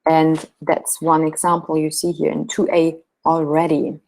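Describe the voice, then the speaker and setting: A woman's voice: low voice, completely flat delivery, a little slow, a little mellow, poor audio. A woman teaching a class, patiently explaining and modelling example sentences. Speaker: German teacher. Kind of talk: online language lesson.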